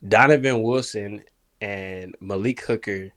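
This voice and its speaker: A man co-hosts a football podcast in loose, casual conversation. His voice sits somewhat low, and his speech is slangy and relaxed. He often restarts sentences partway through. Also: a little slow. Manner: laid-back, slangy, restarts a lot. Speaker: podcast co-host. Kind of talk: casual sports chat.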